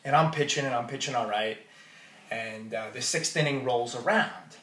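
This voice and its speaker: A man's voice: mid-range voice, normal speed. A man giving a wedding toast, telling jokey stories about the groom. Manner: storytelling, jokey and warm toward the groom. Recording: roomy hall audio from a distance.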